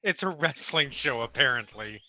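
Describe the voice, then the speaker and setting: A man's voice: mid-range voice, expressive, moderate pace, pushed and bright. A man playing a tabletop game, answering in short, dry replies. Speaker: player. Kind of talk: casual in-character chat.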